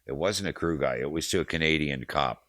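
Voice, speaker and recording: A man's voice: very deep voice, brisk, noisy background. A man, a touring veteran telling heated, profane road stories in a casual interview. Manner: profane, heated storyteller, acts out quotes. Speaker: touring manager guest.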